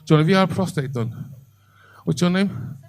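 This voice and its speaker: A man's voice: sits high, normal speed. An older man doing a bawdy stand-up comedy set in a comedy club, telling a story and chatting with the crowd.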